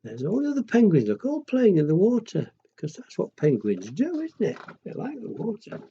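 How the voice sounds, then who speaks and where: A man reads a children's story in a gentle, chatty way and asks little questions along the way. His voice is mellow and lively in pitch, and he takes his time. The recording is dull and lo-fi. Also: moderate pace, breathy edge. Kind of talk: children's picture-book reading.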